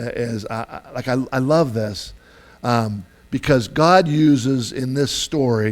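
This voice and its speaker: A male pastor delivering a sermon in a relaxed, chatty style. He wanders into asides and trips over his words, filling gaps with ums and uhs. His voice sits at an ordinary middle pitch. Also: creaky, poor audio. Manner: conversational, digressive, with many fillers and restarts.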